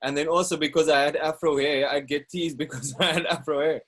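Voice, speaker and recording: A young man from South Africa with a South African accent, hosting a podcast in a relaxed, chatty way, using "like" a lot. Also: a little high, brisk. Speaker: podcast host. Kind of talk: casual conversation.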